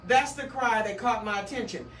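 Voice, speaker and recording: A woman's voice: fairly high pitch, moderate pace, a bit bright, a little hiss or hum. A woman co-hosting a live radio talk show, sharing personal stories in a heartfelt, confiding way rooted in her faith. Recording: roomy sound from a distant mic.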